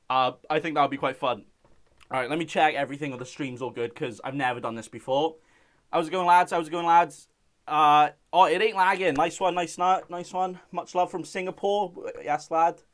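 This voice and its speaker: A young man from Wales, hosting a casual live-stream chat and reading out viewer messages in a jokey way. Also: on the high side.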